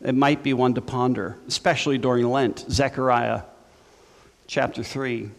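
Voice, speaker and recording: A man's voice: medium pitch, fairly even intonation, moderate pace, gravelly, in a large hall. A male pastor preaching a sermon in a conversational way, with humorous asides to his congregation.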